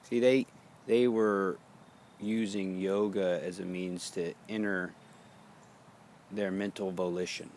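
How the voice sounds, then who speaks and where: Low gravelly guy doing a guided meditation, slow and drawn out, pauses a lot. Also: steady tone, a little mellow, a little hiss or hum. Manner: slow, measured, pausing between phrases.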